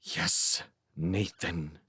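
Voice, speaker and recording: A man voicing a desperate male soldier trapped in a collapsing cave, shouting frantically and turning bitter. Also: high-pitched, huge pitch swings, brisk, vocal fry, slightly rough, dry recording, clean studio sound, voice pushed up, full character voice.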